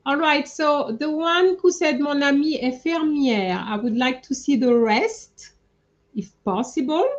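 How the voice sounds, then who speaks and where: A woman teaching French in an online class, slowly going over a dictation and checking in with "okay?" as she explains. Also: sits high, lively intonation, highs cut off. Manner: slow, patient, explains with frequent "okay?" checks.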